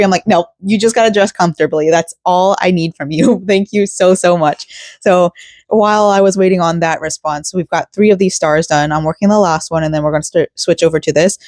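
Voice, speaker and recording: A woman's voice: on the low side, a little fast, darkish tone, dry recording. A young woman from Florida chatting casually in a rambling, giggly way while she crochets, close to the mic. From Florida, USA. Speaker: vlogger.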